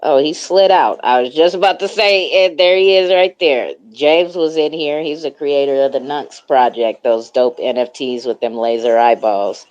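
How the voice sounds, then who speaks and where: A woman's voice: low voice, normal speed, hardly any pauses, darkish tone, highs cut off. A woman hosting a casual online group chat, speaking into her phone in a laid-back, slangy way with plenty of fillers and frequent laughter. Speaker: host of a social audio chat room.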